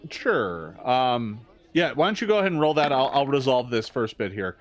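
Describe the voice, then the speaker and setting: Game master, man, animated pitch, loose rambling narration. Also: moderate pace. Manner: rambling, many fillers and restarts.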